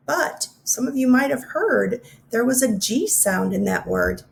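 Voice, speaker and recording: Woman teacher sounding out letters for little kids, slow and careful, bit of faint hiss. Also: a little high, expressive, gravelly. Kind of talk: phonics lesson for young children.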